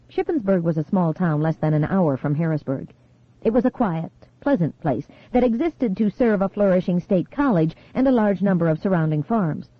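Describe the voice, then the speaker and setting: A woman narrating an audiobook in a measured, suspenseful reading. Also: fairly low pitch, dry recording, muffled recording.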